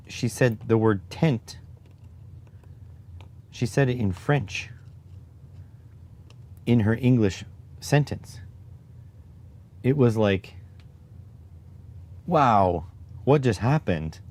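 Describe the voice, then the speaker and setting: A man's voice: mid-range voice, warm tone. A man from Canada chatting casually on a livestream, wry and rambling while he works on a soldering project. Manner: wry, rambling asides while working with his hands. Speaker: livestream host.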